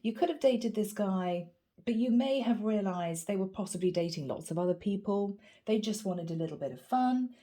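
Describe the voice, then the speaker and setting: A woman with a gravelly voice from a cold, giving a chatty, animated tarot reading. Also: mid-range voice, normal speed. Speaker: tarot reader. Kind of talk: casual spoken tarot reading.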